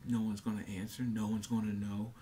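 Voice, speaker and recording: A man's voice: on the low side, level tone, brisk, heavy background noise. A young man talking earnestly to his camera in a casual monologue, repeating himself with many fillers and restarts. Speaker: vlogger.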